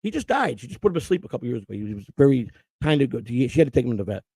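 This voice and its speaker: A man's voice: medium pitch, sing-song, racing, dark tone, breathy edge, dry recording. A middle-aged man hosting a live stream, telling an emotional, rambling personal story and often repeating and restarting his words. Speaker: host.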